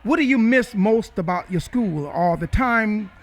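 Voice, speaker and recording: A man's voice: high-pitched, lively intonation, measured pace, soft background music. A man hosting a community TV show, interviewing classmates in a folksy, rambling way. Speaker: host. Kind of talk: casual interview.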